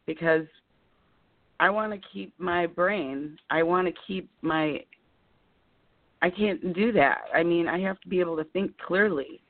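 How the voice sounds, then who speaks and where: A woman's voice: on the low side, measured pace, no echo. Emotional woman in her fifties, phone line. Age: 50s. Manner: rambling, emotional, talks in bursts. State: holding back tears. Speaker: caller. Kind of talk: caller on a live call-in show. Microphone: telephone.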